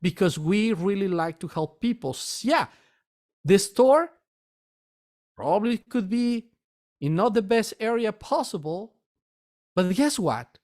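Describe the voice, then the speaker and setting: A man with a slightly higher voice tells his own story in an earnest, unpolished way. He stumbles and repeats words, then pushes on. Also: expressive, darkish tone. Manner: earnest, halting, repeats words when emotional. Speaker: metaphysical store owner and meditation teacher. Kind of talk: personal storytelling talk.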